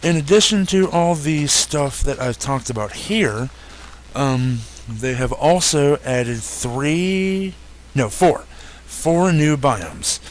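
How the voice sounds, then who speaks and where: A man's voice: fairly high pitch, lively intonation, slow, a little hiss or hum. Easygoing young man narrating gameplay. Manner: easygoing, many fillers and self-corrections. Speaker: gaming YouTuber. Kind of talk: casual game update walkthrough.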